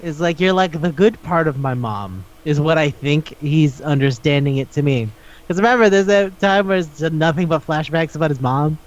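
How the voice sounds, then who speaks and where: A fairly high-voiced man chatting on a podcast, animated and profane, slipping into the voices of the characters he describes. The recording is dull and lo-fi. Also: moderate pace. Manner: animated, acts out characters' lines, swears often. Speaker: podcast co-host. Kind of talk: casual chat recapping a manga.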